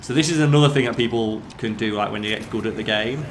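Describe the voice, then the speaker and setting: Guy doing lets play commentary, talks super fast, gets hyped and swears a lot. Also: lowish voice, slight background noise. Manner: excitable, swears freely, quizzes his co-player. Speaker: let's play host. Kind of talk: casual gameplay commentary.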